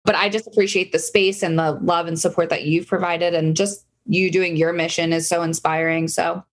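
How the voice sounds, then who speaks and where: A woman's voice: fairly low pitch, level tone, normal speed, slight background noise, low-quality recording. A woman who is a podcast guest, chatting casually in a bubbly, emotional way with frequent laughter. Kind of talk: casual chat.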